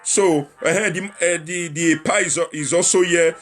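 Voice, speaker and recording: A young Nigerian man hosts a loose livestream show, talking to his viewers in a rambling, repetitive way and mixing in Pidgin slang. His voice sits a little high for a man. Faint music plays in the background. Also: steady tone, measured pace, fairly bright tone. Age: young adult. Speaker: livestream talk show host. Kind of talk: casual livestream chat.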